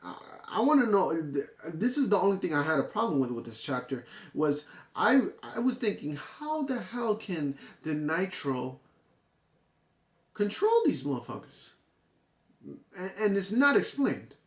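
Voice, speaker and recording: A man's voice: high-pitched, unhurried, roomy sound. A man reviewing a manga chapter in casual, profane talk, often restarting and getting worked up. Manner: excitable, profane, full of restarts and fillers.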